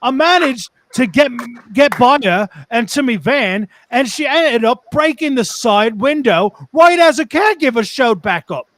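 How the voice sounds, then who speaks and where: A man's voice: very high voice, animated, measured pace, hardly any pauses, a bit bright, voice pushed up, exaggerated voice. A man reading a post aloud as a working-class heating tradesman, putting on a Cockney accent and dropping words like "me van". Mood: storytelling. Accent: put-on Cockney. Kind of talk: dramatic reading of a forum post.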